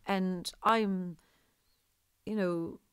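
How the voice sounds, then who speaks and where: A woman with a deep voice, a singer talking in an interview in a rambling, digressive way. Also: steady tone, drawn-out words, clean tone, no room sound, studio quality. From Ireland. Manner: rambling, digressive, laughs often. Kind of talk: conversational interview.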